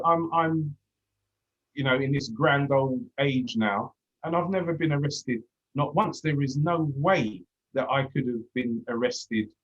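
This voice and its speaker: A man's voice: medium pitch, breathy edge. A man in his thirties from London with a Cockney accent, a former police officer talking earnestly and reflectively in a casual discussion. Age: 30s. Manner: earnest, reflective, with frequent restarts. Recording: dull lo-fi audio.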